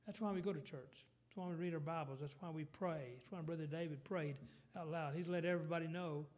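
A middle-aged man, preaching a folksy sermon with halting restarts. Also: fairly high pitch, fairly even intonation, a little mellow.

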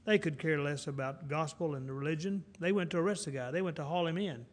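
A man's voice: a little high, fast talker. A man preaching a sermon in a folksy, conversational way, acting out the dialogue of the people in the scripture.

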